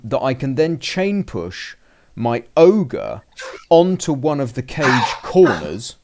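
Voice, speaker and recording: A man's voice: medium pitch, darkish tone. Man rambling through a game recap. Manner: rambling, restarts, acts out his own and his opponent's lines. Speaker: podcast host recounting a game. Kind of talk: casual chat, play-by-play recap.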